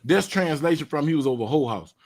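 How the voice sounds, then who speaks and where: Teasing man, loud joking bursts. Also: a little high, expressive, quick pace. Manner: teasing, loud bursts, Southern Black slang. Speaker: live stream host. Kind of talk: casual banter on a live stream.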